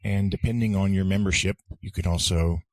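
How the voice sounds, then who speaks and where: A man co-hosting a casual language-lesson podcast, relaxed and jokey. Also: deep voice, fairly quick, dry recording. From United States. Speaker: podcast co-host.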